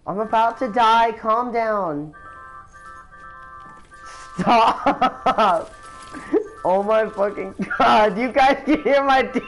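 A woman's voice: fairly high pitch, extremely slow, long pauses, faint music behind, low-quality recording. A woman streaming a video game, laughing and swearing as she complains to her friends. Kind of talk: casual gaming stream chat.

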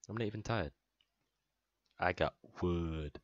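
Low-voiced man playing a game. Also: moderate pace, long pauses, no echo, dull audio. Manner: playful, narrating his own moves with sound effects. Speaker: gaming channel host. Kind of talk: let's play commentary.

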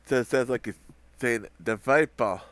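A man's voice: mid-range voice, normal speed, a bit bright, no echo. A man streaming a video game, reading the lines aloud with joking, rambling asides. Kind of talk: let's play commentary and voice reading.

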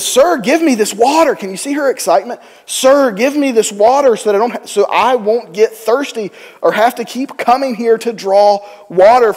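High-voiced guy preaching in a church, lots of reverb, acts out the story bits. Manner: animated storytelling, acting out quoted voices. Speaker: pastor. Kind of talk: sermon. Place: church sanctuary.

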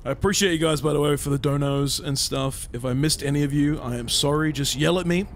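A man's voice: a little high, fairly even intonation, fairly quick, a little hiss or hum. A young man from California chatting casually with his live-stream audience, laid-back and talkative. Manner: laid-back, chatty, reads and answers chat. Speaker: game streamer.

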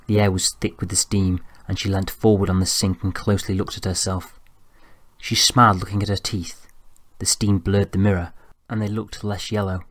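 A man reading an audiobook in an even, measured storytelling voice, close to the mic. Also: deep voice, dry recording. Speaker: audiobook narrator. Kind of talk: scripted narration.

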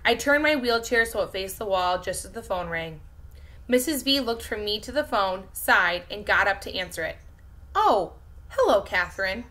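A woman teacher giving an expressive interactive read-aloud of a children's novel for fifth graders. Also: mid-range voice. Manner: lively expressive reading, pausing to talk to a baby and the class.

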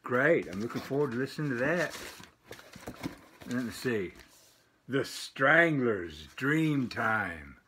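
An older man talks through a box of records at a slow, unhurried pace, rambling easily and pausing often with "uh". His voice sits at an ordinary pitch, with a faint hiss of noise behind it. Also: big pitch swings, bright, forceful tone. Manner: rambling, easygoing, many filler pauses. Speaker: vinyl record collector. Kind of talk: casual unboxing vlog. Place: home with dogs barking nearby.

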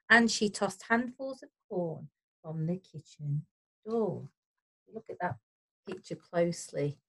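A woman teacher reading a storybook aloud to children, expressive and gentle, pausing to explain the story. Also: lowish voice, breathy edge, rough recording. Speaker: primary school teacher.

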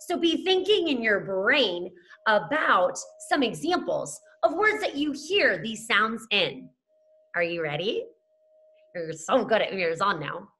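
Animated woman teacher chanting phonics sounds. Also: mid-range voice, a little slow. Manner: sing-song chanting of letters and sounds, encouraging. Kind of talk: phonics lesson for young children.

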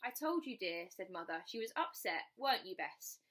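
A woman voicing a gentle, tearful and forgiving mother who speaks softly and soothingly, in a storybook reading. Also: medium pitch, sing-song, normal speed. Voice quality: soft, soothing.

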